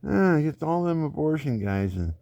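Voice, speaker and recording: A man's voice: fairly high pitch, very animated, normal speed, mellow, no room sound, dull audio. An older man telling rambling personal stories in a digressive way, often laughing at his own anecdotes.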